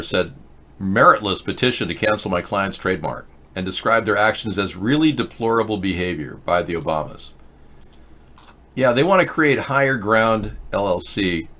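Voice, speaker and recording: Low-voiced rambling sarcastic man host. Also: pushed and bright. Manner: rambling, sarcastic, self-interrupting. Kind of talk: casual live-stream commentary.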